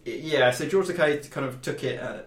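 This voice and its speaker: A man's voice: medium pitch, fairly quick. A man co-hosting a casual podcast, rambling with lots of hesitations. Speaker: podcast co-host. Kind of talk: casual chat. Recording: echoey room.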